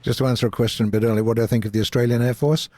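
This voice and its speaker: A man's voice: medium pitch, fairly even intonation, very fast, a little mellow, dry recording. A man in his seventies, a guest voice narrator, chatting casually on a game stream and making dry, joking remarks. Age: 70s.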